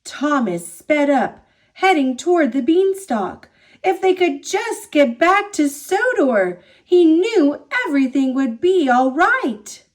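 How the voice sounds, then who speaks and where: A woman reading a children's picture book aloud in a high, lively voice. She draws out every phrase very slowly and expressively. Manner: expressive, drawn-out storybook narration. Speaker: storyteller.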